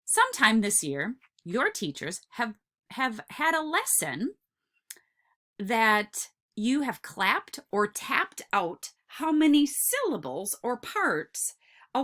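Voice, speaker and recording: Slow, bright-voiced kindergarten teacher woman. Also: fairly high pitch. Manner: slow, encouraging, drawn-out words for children. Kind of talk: recorded lesson for young children.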